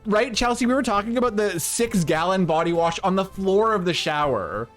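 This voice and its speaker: A man's voice: high-pitched, animated, normal speed, soft background music. A man live-streaming a game, chatting casually and rambling as he thanks viewers. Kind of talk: casual live-stream chat while playing.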